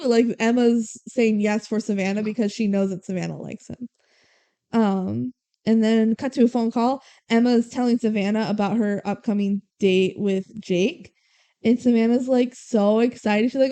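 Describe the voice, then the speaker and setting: A young woman co-hosting a podcast, recapping a movie in casual chat and playfully mimicking the characters. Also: fairly high pitch. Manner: animated retelling, quick mimicking of characters. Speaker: podcast co-host.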